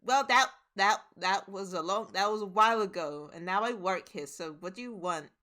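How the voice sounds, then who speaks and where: A woman's voice: mid-range voice, moderate pace, pushed and bright, lightly acted. Woman doing a sulky, defensive young tavern worker.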